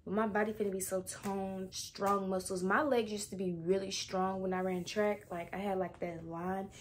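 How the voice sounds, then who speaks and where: Young woman vlogging at home on a phone, middle pitch, chatty, faint hiss behind. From Texas. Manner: chatty and animated, drawn-out exclamations; often drops to a soft whisper. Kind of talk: casual vlog chat. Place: at home indoors.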